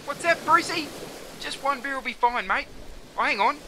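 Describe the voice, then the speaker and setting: A man's voice: extremely high pitch, expressive, normal speed, voice pushed up. A man voicing a carefree adult Aussie swimmer with an Australian accent, talking in an easygoing, cheerful way. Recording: distant and noisy, rain and traffic behind.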